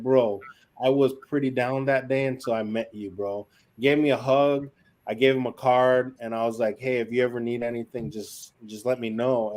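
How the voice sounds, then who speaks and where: A man's voice: medium pitch, darkish tone. Blunt, profane veteran man telling stories. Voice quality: profane, blunt, acts out quoted dialogue. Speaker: military veteran guest. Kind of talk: casual storytelling on a podcast.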